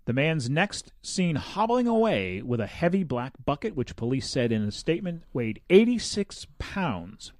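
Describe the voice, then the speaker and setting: A man's voice: fairly high pitch, moderate pace, few pauses, no echo. A male podcast host with a mid-range voice that swings up and down a lot as he reads out strange news. He cracks jokes and laughs along the way. The sound is dry and close. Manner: animated, laughs often, jokey asides. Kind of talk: casual chat.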